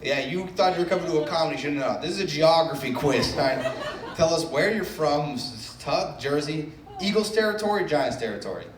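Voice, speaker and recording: A man's voice: a little high, animated, a little fast. A man from the Boston area doing a stand-up comedy set, loose and self-mocking, riffing with the crowd. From Brookline, Massachusetts. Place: comedy club stage. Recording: echoey room from a distant mic, faint crowd ambience.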